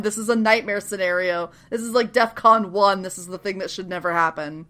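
A woman in casual chat, recapping a TV episode with lots of laughter and quick acted-out lines. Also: mid-range voice. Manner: animated, laughing, swearing, acts out characters in quick voices. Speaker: podcast co-host recapping a TV show.

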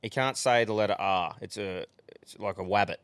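Sweary podcast host, dry mic. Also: male voice, on the low side, fairly quick, a bit bright, clear, resonant tone, no room sound. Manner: sweary, ranting, laughs often. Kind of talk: casual podcast banter.

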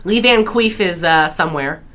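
A woman talks through a film on her podcast in loose, rambling chat. Her voice sits a little low but sounds bright and forward. She restarts sentences often and laughs along the way. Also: lively intonation, moderate pace, a little hiss or hum. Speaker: podcast co-host. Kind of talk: casual chat recapping a film.

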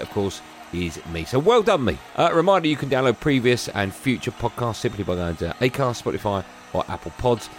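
A man hosting a sports radio show, teasing and self-mocking in lively banter. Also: mid-range voice.

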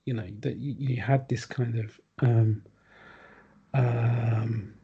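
A man's voice: mid-range voice, steady tone, slow, husky, highs cut off. A man chatting casually on a podcast, rambling with lots of ums and restarts. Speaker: podcast guest. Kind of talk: casual chat.

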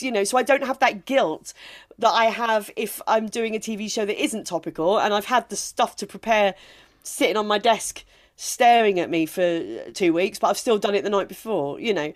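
A woman comedian chats as a podcast guest, making her points with emphatic, animated delivery. Her voice sits at an ordinary middle pitch. The talk is loose and conversational. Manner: emphatic, animated storytelling with laughs.

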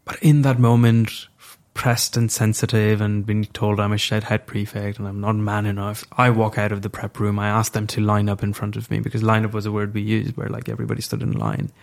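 Young man, gravelly low voice, candid and reflective, casual swearing. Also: a little fast. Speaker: guest storyteller. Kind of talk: candid personal storytelling.

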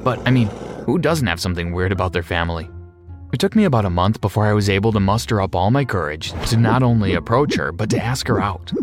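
Low-voiced man narrating a story. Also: expressive, quick pace. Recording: music behind.

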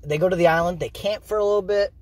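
A man co-hosting a casual movie review podcast, laughing and swearing through excited banter. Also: sits high, racing. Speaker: podcast co-host.

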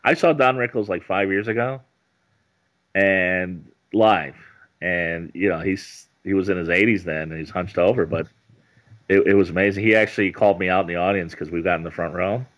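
Very deep-voiced rambling male comic. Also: fairly bright tone. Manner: rambling, halting, many restarts. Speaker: stand-up comedian, guest. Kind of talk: casual podcast interview.

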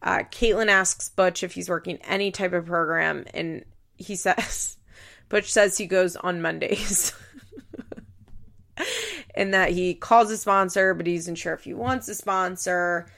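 A woman's voice: fairly low pitch, steady tone, unhurried, gravelly, a bit bright. A young woman hosting a podcast, chatting casually through a recap, with lots of "like" and acted-out quotes. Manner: chatty, uses "like" a lot, acts out quotes. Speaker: podcast host.

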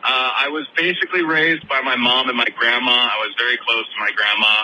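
A man's voice: mid-range voice, steady tone, fairly quick, bright, forceful tone, slight background noise, low-quality recording. A man calling in to a show and telling a personal story in a rambling way, with many fillers and restarts. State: choked up. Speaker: caller.

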